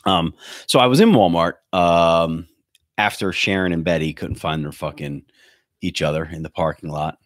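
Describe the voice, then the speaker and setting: A man's voice: low voice, moderate pace, no echo, studio quality. A man in his thirties hosting a podcast from his bedroom, ranting sarcastically with plenty of swearing. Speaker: podcast host. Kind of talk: comedic rant. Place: bedroom at home. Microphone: webcam setup.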